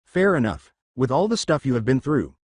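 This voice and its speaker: A cheeky young ninja talks in a teasing, casual way, voiced by a man. His delivery stays lively. The recording is dry and close. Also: mid-range voice, moderate pace, dry recording.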